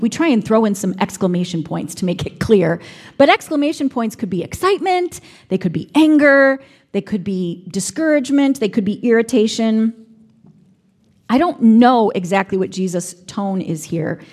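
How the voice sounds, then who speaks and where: A woman's voice: on the high side, a little mellow. A woman preaching a sermon, reflective, sometimes acting out the lines she quotes.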